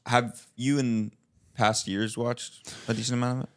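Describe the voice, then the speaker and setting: In a medium-pitched, level voice at a moderate pace, a young man co-hosts a podcast. His casual chat wanders, packed with filler "likes" and restarts, and he laughs often.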